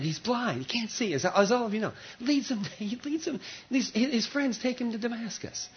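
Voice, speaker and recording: Animated, high-voiced male pastor preaching. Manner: animated storytelling with repetitions. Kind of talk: sermon. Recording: dull lo-fi recording.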